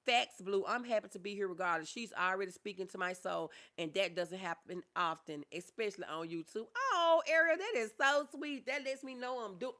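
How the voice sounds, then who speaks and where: Reading her viewers' comments out loud and addressing them as baby, a therapist runs a casual livestream. She speaks at a moderate pace with few pauses, in a bright, forceful, medium-pitched voice.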